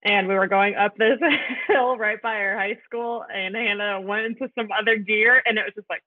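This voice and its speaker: A woman's voice: medium pitch, fairly even intonation, normal speed. A woman of twenty-nine, a podcast guest, chatting candidly, laughing often and swearing. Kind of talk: casual chat. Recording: tinny phone-like line, dry.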